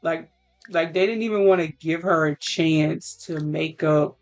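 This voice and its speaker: A woman's voice: low-pitched, unhurried, soft background music. A woman casually narrating a life-sim game story, rambling with fillers and the odd curse. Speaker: let's play creator.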